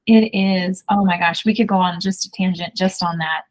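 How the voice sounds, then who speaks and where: A woman's voice: on the low side, steady tone, moderate pace, low-quality recording. A woman hosting a podcast as a business coach, chatting casually in an enthusiastic, encouraging way, full of "like" and "so". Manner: enthusiastic, encouraging, many fillers like "like".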